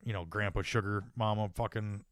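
A man's voice: lowish voice, fairly even intonation, fairly quick, dry recording. Podcast co-host, male, foul-mouthed joker, dry recording. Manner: crude, joking storyteller, laughs often. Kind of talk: casual chat.

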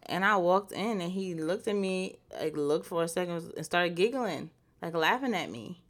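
Low-voiced woman, chatty with lots of "like". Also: moderate pace. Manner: talkative, many "like" fillers, animated retelling. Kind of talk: casual chat.

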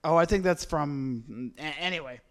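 A man's voice: on the high side, moderate pace. A man co-hosting a comedy podcast, riffing with jokey asides in casual chat. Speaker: podcast co-host.

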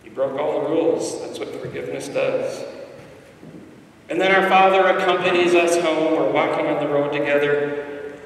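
Middle-aged male preacher, slightly high, storytelling sermon, hushed to emphatic, roomy distant sound. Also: steady tone, moderate pace, vocal fry, slight background noise. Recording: echoey hall, mic from afar.

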